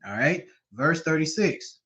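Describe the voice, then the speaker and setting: Animated high-voiced male bible teacher. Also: measured pace. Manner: animated, colloquial, keeps asking "you understand?". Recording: dull lo-fi recording.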